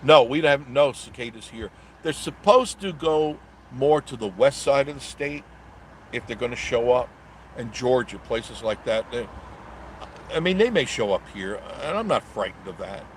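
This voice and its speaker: A middle-aged man hosts a casual live stream, reading viewer comments aloud and rambling through jokey banter with frequent chuckles. His medium-pitched voice has lively intonation and a normal speed, with slight background noise.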